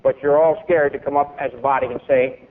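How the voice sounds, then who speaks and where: At a university event, a man gives an emphatic, oratorical speech, declaiming with big swings in loudness, then takes audience questions. His medium voice is fairly quick with fairly even intonation, captured on tinny, lo-fi archival tape.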